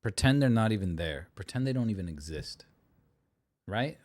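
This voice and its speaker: Dry-joking man with a lowish voice. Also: animated, normal speed, darkish tone. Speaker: podcast co-host. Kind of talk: casual chat.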